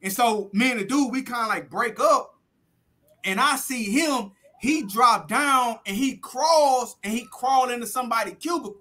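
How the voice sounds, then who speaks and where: A man's voice: very high-pitched, normal speed, sharp tone. A man from Texas, a guest telling a story in a casual interview, full of street slang and cursing. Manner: vivid street slang, heavy cursing, acts out scenes. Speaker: interview guest recounting prison life.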